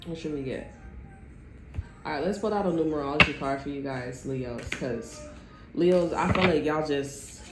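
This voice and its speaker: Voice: medium pitch, normal speed, music in the background. Profane, rambling tarot reader in an echoey room. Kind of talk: casual tarot reading. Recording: roomy echo, faint background noise.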